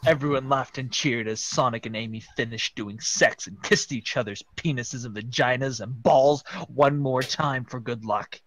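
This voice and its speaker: A man reading a fan story aloud for laughs, jumping into loud voices for the characters. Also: medium pitch, moderate pace, hardly any pauses, a little hiss or hum. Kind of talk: comedic dramatic reading.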